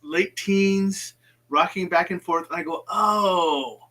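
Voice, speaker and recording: A man's voice: sits high, fairly even intonation, unhurried, fairly bright tone, rough recording. A man hosting a casual chat, passing on stories with frequent ums. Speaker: host.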